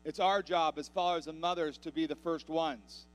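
A man preaching a sermon, telling a story with rising passion and growing loudness. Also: a little high, fairly even intonation, moderate pace. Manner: impassioned storytelling, building in volume. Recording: reverberant hall with mains hum.

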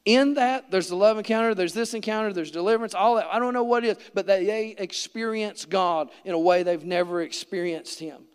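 High-voiced man preaching in a big hall. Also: brisk, hardly any pauses, clean tone. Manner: earnest, vivid storytelling with reenacted pleas. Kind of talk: sermon. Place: church sanctuary.

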